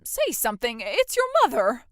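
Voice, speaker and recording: A condescending, manipulative middle-aged mother, acted by a woman, with a lively pitch that swings high and low. Her voice sits a little above average and sounds dry and close to the mic. She talks down to her daughter in a dramatic voiced story. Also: normal speed, dry recording. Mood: gushing. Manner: condescending, later gushing and pushy.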